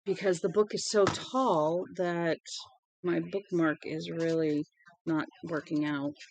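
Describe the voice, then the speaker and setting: Speaking slowly and steadily in a fairly low voice over background noise, a woman wraps up a book reading on her livestream with casual chat. She sounds tired and yawns, rambling in a friendly manner full of "um"s.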